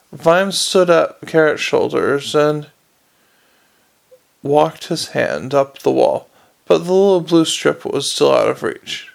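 A man's voice: on the high side, slow pace, creaky. A man reading a comic fantasy novel aloud as an audiobook narrator, telling it in a dry manner.

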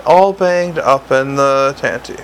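A hulking, stolid troll sergeant, voiced by a man reading a story aloud speaks plainly and proudly. The voice has a gravelly rasp. A faint hiss sits under the reading. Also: medium pitch, slow pace, poor audio. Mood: pleased, blunt. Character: large male troll sergeant, slow and stolid.

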